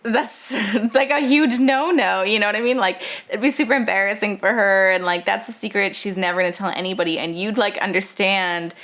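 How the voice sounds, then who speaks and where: A woman's voice: medium pitch, brisk, hardly any pauses, a bit bright. Woman, podcast co-host, casual film chat, filler-heavy, giggly. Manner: chatty, uses many filler likes, laughs often.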